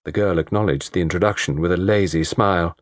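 A man narrating a story in an expressive, varied storytelling delivery. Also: low voice, fast, no room sound, clean studio sound. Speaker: audiobook narrator. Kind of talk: scripted narration.

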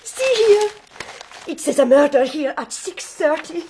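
An actress playing a frightened young foreign housemaid who speaks broken English, near tears, in a radio drama. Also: female voice, high-pitched, animated, unhurried, noisy background. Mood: panicky, tearful. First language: not English. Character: panicky young foreign maid, excitable and tearful.

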